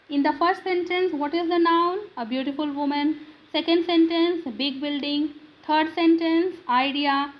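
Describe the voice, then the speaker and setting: A woman's voice: high voice, poor audio. A woman teaching a grammar lesson, drilling students with questions and answers in non-native English.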